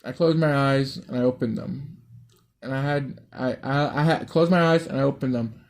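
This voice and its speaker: Man, gravelly voice, casual storytelling reader who swears and digresses. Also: medium pitch, normal speed. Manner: rambling, swears, stops for asides. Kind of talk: casual reading of a dream story.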